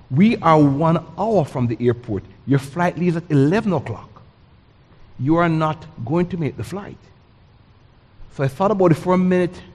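A middle-aged man from Jamaica, preaching a sermon with lively, story-driven delivery. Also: high voice, big-room sound. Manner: animated storytelling, acts out voices and sounds.

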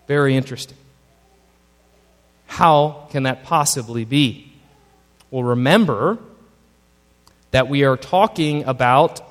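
Emphatic male pastor in a reverberant hall. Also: mid-range voice. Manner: emphatic, stretches key words in lists. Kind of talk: sermon.

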